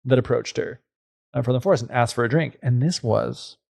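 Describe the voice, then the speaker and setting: A man with a gravelly, creaky voice and a middle pitch, retelling an old fairy tale in a loose, chatty way full of fillers. His voice is recorded close and dry, with no room sound. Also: a little fast, a little mellow, no echo. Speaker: podcast co-host.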